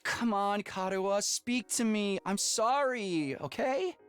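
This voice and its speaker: An actress voicing an earnest, apologetic young character in a video game, pleading and flustered. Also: female voice, mid-range voice, animated, takes it slowly, clean tone. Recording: game audio with faint music.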